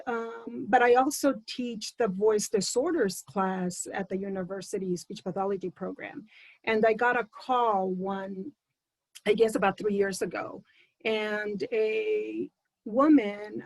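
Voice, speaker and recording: A woman's voice: medium pitch, steady tone, unhurried, dry recording, low-quality recording. A woman who teaches speech pathology, talking casually on a panel, with frequent ums. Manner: conversational, many ums. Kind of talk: panel introduction, casual storytelling.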